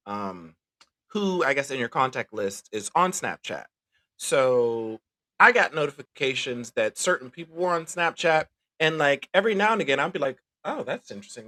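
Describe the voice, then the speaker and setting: Animated, laughing male podcast co-host. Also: a little high. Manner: animated storyteller, laughs often. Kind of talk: casual chat.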